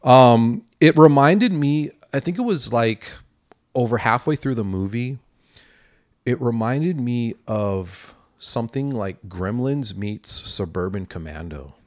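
A man's voice: medium pitch, expressive, slow pace, no room sound, clean studio sound. A man co-hosting a podcast, giving a casual movie review in a rambling way, full of fillers and hedges. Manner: rambling, hedging with many fillers. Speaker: podcast co-host.

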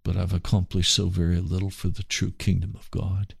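Radio pastor: a man with a gravelly, dry-sounding voice, earnest and pleading, speaking as in a sermon. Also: deep voice, completely flat delivery, a little fast, dry recording. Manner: earnest, pleading, repeats phrases.

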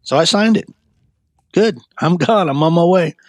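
A man giving a personal testimony in rambling, halting storytelling. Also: a little high, expressive, no room sound. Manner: halting, with many fillers and restarts.

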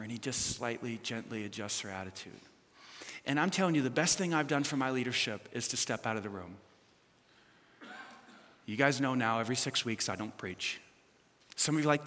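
A man's voice: mid-range voice, expressive, normal speed, long pauses, fairly bright tone. A male pastor giving a sermon in a conversational, playful way, with asides and self-corrections. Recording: long reverb of a large hall.

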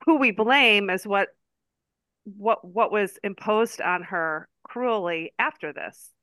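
Bright, earnest woman co-host. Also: medium pitch, slow, no echo. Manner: earnest, emphatic, uses filler likes. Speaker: podcast co-host. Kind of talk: casual book-club chat.

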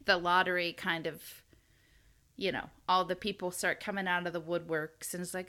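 A woman's voice: on the low side, steady tone, moderate pace, sharp tone. A young woman co-hosting a podcast, reading news stories in a chatty way and laughing often. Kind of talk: casual chat.

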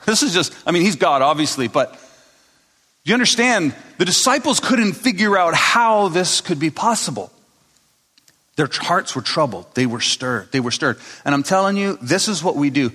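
This pastor's voice sits on the high side, very animated and sharp in tone, at a moderate pace. He delivers his sermon to a live congregation like a casual storyteller, voicing the characters in his tales, and the big church hall gives it a long reverb.

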